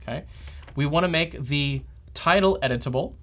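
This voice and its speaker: A man's voice: on the high side, moderate pace, a bit bright. A man teaching a front-end developer lesson as a screencast, talking steadily and checking in with a frequent "okay?". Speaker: developer trainer. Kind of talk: software screencast tutorial.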